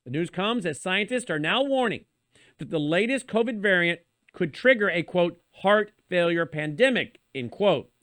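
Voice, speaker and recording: A man with a fairly high voice delivers opinionated news commentary. His tone is pointed and sarcastic. The sound is dry and close. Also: lively intonation, normal speed, fairly bright tone, no room sound. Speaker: show host.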